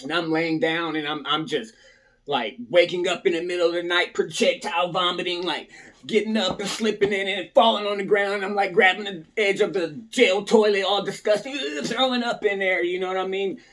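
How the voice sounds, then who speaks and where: A man's voice: high-pitched, steady tone, fairly quick, fairly bright tone. A man casually telling viewers a story from his past, often asking "right?" and acting out other people's lines. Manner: talks to viewers, repeatedly tags lines with "right?".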